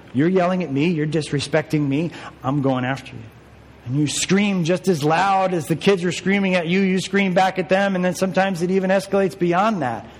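A man's voice: on the high side, long reverb tail. A young man preaching a sermon as pastor, talking conversationally with rhetorical questions and self-deprecating asides.

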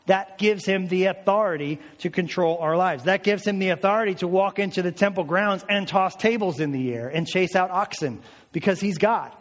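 Male pastor, emphatic sermon delivery, slightly high voice, long reverb of a church hall. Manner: earnest, emphatic preaching with repetition.

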